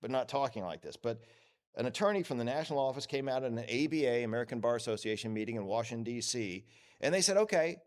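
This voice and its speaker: A man giving a lively, joking lecture at a conference, acting out what others say. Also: mid-range voice, quick pace. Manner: lively, joking, acts out quoted voices. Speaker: conference speaker. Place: conference hall.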